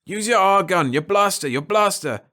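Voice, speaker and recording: A man voicing a gruff, impatient military captain who shouts urgent orders and curses, in a dramatic audiobook reading. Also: high voice, animated, moderate pace, pitched above the performer's own voice. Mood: barking.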